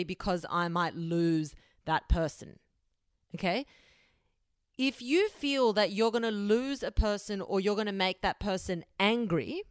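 A woman's voice: mid-range voice, no echo. Blunt woman, dry close sound. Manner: blunt, frank, casually swearing. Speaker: podcast host. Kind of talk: solo advice podcast monologue.

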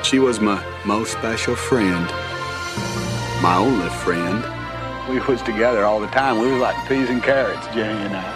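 An actor playing a slow-spoken, simple-hearted Southern man in a film trailer, talking in a plain, earnest drawl over loud music. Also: on the low side, natural voice.

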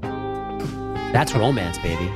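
A man voicing a sultry male ad announcer in a mock sexy ad read, slow and teasing. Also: deep voice, lively intonation, over music, pitched below the performer's own voice, heavily acted. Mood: seductive. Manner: slow, breathy, teasing delivery.

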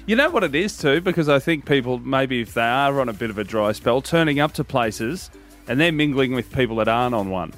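A man's voice: mid-range voice, lively intonation, brisk, fairly bright tone, soft background music. An Australian man co-hosting a radio show, chatting casually and explaining his point. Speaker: radio co-host. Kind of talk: casual banter.

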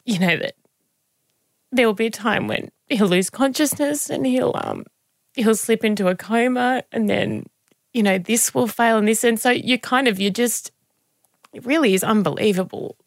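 A woman, a podcast guest talking through a personal memory in a reflective, halting way with many restarts. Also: on the high side, expressive, vocal fry, dry recording, clean studio sound. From Australia. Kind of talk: candid conversational interview.

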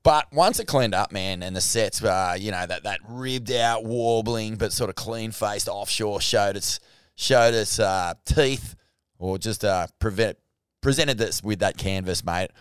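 Brief: Australian man, low smooth voice, profane rambling podcast co-host, dry close mic. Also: unhurried, dry recording. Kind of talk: casual surf talk.

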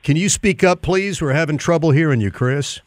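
Brisk male radio talk host. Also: a little high, no room sound. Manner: brisk, businesslike.

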